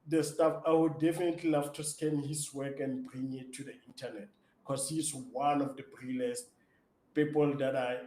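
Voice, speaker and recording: On the high side, the voice of a South African startup founder comes through with a roomy sound and poor recording quality. He responds to interview questions with excitement, piling on fillers and frequent restarts.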